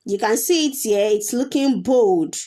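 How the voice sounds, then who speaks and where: Slow, patient woman teaching code. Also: fairly high pitch, expressive, warm tone. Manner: patient, explains step by step with fillers and repetition. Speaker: coding teacher. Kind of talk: screen-share coding tutorial.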